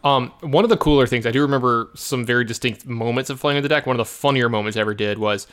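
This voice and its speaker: Animated man telling a story. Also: medium pitch, quick pace, smooth. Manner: animated storyteller, acts out quotes. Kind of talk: casual chat about card games.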